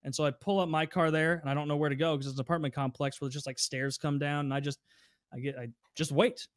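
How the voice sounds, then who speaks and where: A man's voice: fairly high pitch, fast, no room sound, clean studio sound. A man in his twenties telling profane work stories in casual chat, acting out angry customers. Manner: animated, profane, acts out customers in raised voices. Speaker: podcast co-host telling stories. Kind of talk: casual storytelling.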